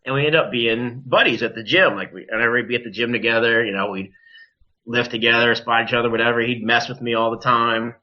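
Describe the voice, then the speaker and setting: On a podcast, a wrestler tells a story casually and with lots of animation, swearing and acting out the lines other people said. He talks fast at a medium pitch, and the podcast audio is dull and lo-fi.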